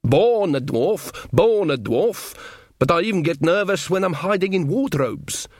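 A man's voice: high-pitched, animated, measured pace, a little mellow, dry recording, studio quality, pitched above the performer's own voice. A man voicing a small male dwarf, a nervous ladies' man who turns sarcastic and defensive. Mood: touchy, nervous.

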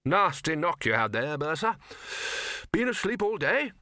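Brief: man voicing a booming, hearty wizard chief for an audiobook, animated. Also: measured pace, dry recording, clean studio sound, full character voice. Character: bluff, hearty male Arch-Chancellor wizard.

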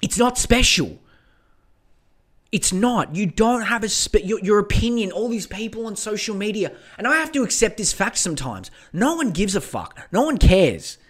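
A man's voice: high-pitched, big pitch swings, moderate pace, fairly bright tone. A young man hosting a solo podcast on a home mic, ranting bluntly with plenty of swearing and rambling. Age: young adult. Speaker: podcast host.

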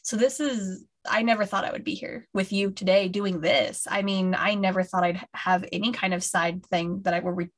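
A woman's voice: medium pitch, fairly even intonation, moderate pace, hardly any pauses. A woman co-hosting a fan podcast in casual chat, gushing and rambling with many restarts over a remote call. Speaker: podcast co-host.

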